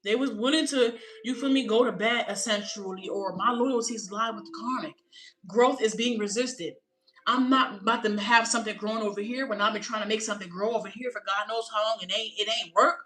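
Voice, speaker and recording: Woman, tarot reader, bright tense voice, animated, blunt slang, swears freely. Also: on the high side, a little fast, poor audio. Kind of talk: casual tarot reading to camera.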